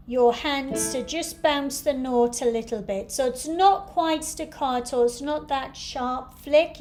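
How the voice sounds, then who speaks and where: A woman's voice: high voice, a little mellow. A woman teaching piano, giving patient step-by-step practice instructions.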